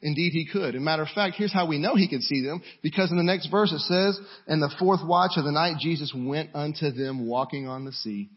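A man's voice: on the high side, brisk, hardly any pauses, husky, lo-fi sound. A man preaching a sermon, reading scripture and asking the congregation rhetorical questions.

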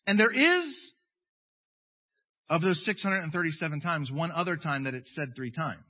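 Animated high-voiced preacher in a reverberant hall. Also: male voice, moderate pace, dull audio. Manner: animated, emphatic, mimics people with comic voices. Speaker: pastor. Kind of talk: sermon.

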